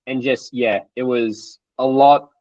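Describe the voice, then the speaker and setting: A young Australian man, an athlete guest, telling race stories in an animated, slangy way and acting out what others said. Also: mid-range voice, slow, dry recording. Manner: animated, acts out quotes, loose and slangy. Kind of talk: casual storytelling interview. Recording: dry, slightly dull podcast audio.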